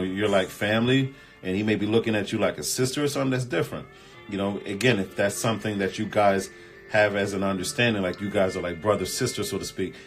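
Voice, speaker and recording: Emphatic man hosting relationship advice chat. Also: on the low side. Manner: animated, emphatic, repeats himself, colloquial. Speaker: host. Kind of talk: live-stream advice chat reading comments.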